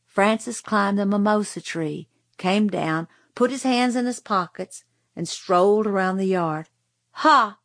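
A woman narrating a novel in the first person, in a quiet, even storytelling voice. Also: medium pitch, a little slow, no room sound, studio quality. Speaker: audiobook narrator.

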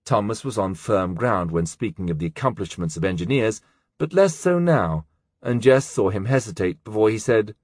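A man narrating a novel as an audiobook, in an expressive, measured storytelling manner. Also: on the low side, no echo, clean studio sound. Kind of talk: scripted narration.

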